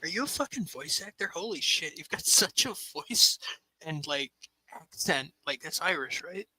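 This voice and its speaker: A man in casual chat, excitable and swearing often. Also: fairly high pitch, normal speed, husky, low-quality recording.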